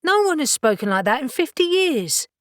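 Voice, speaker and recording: A woman's voice: sits high, big pitch swings, moderate pace, no room sound, clean studio sound, pitched above the performer's own voice. A woman voicing a nonchalant, self-effacing man with an English accent who speaks politely and wryly. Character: nonchalant, rumpled Englishman, wry charmer.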